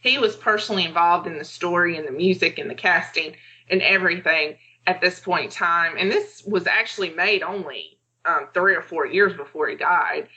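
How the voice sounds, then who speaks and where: A woman's voice: on the low side, moderate pace, pushed and bright, low-quality recording. A woman co-hosting a podcast in casual chat, talking with many fillers and acting out her own thoughts. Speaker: podcast co-host.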